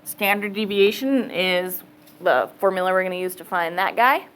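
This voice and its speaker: A woman math teacher lectures casually in class, thinking aloud, checking in with students, and saying "okay" a lot. Her medium-pitched voice is a bit bright, clear and resonant at a moderate pace, though the recording is rough.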